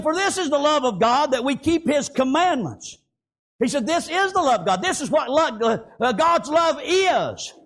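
A man preaching a fervent sermon, constantly breaking in with "amen" and "praise God" and rising into shouts. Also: very high-pitched.

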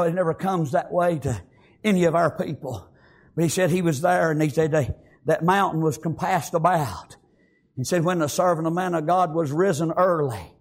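A male preacher delivering a fiery sermon, swinging between shouted peaks and quiet low asides, punctuated with amens.

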